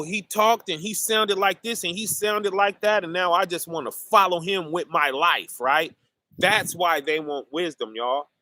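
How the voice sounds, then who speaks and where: A man's voice: high voice, pushed and bright, no echo. A man preaching in a casual street style, tossing "right?" and "y'all" to his listeners between points. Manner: preachy call-and-response, keeps asking "right?" and "y'all". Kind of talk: sermon.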